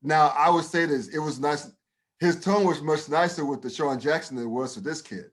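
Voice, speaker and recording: A man's voice: a little high, normal speed. Blunt, profane man on a podcast. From United States. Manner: profane, emphatic, with many restarts. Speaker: podcast co-host. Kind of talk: casual opinion chat.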